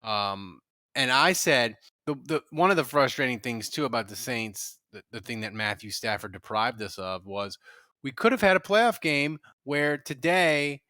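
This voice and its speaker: A man's voice: mid-range voice, lively intonation, unhurried, bright, forceful tone, no room sound, clean studio sound. A man hosting a casual sports podcast, asking long rambling questions with lots of energy. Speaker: podcast host.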